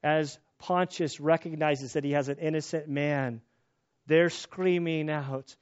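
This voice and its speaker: A man's voice: a little high, steady tone, measured pace. A man preaching an expository sermon as a pastor, earnest and candid, often restarting, his voice climbing when he presses a point, a little out of breath. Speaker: pastor teaching through scripture. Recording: dull lo-fi sound.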